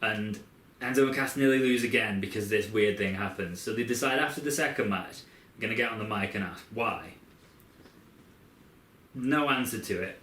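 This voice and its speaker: In an echoey room, this male podcast co-host, whose mid-range voice has a fairly bright tone, wanders through a lengthy hypothetical during a relaxed conversation. He narrates it play-by-play, rambling as he goes.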